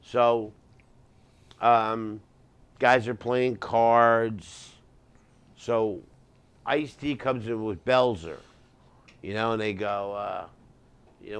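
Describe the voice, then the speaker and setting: A middle-aged man, a comedian guest in a studio, telling animated anecdotes with quick asides. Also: medium pitch, clean tone. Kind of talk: casual interview storytelling.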